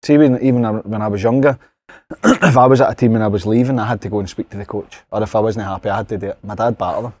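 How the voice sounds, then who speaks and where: A man's voice: on the low side, fast talker, a little mellow, no echo. A middle-aged Scottish man telling a sweary, laughing family anecdote in casual podcast chat. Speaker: podcast panellist.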